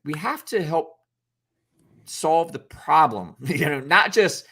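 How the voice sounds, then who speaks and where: A man's voice: on the high side, lively intonation, slow, bright, forceful tone, husky. A man who coaches youth football, talking through leadership in a loose, unscripted podcast debate, with lots of restarts and acted-out coach quotes. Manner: rambling, many restarts, acts out coach quotes.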